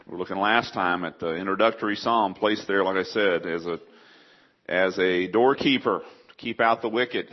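A man with a faint East Texas Southern accent delivers a sermon in a somewhat low voice. He is folksy and conversational and keeps turning questions to the congregation. The recording sounds dull and lo-fi. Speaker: preacher.

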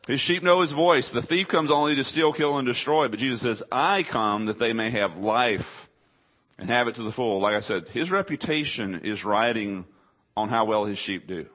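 A man's voice: mid-range voice, moderate pace, dull audio. Man preaching a conversational sermon. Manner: conversational preaching, rhetorical questions, voices listeners' objections. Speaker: pastor.

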